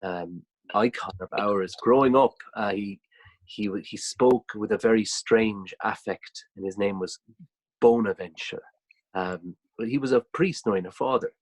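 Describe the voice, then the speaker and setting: A man's voice: on the low side, unhurried, rough recording. A man co-hosting a casual conversation, who stops to explain background to the viewers in a thoughtful way. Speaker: co-host.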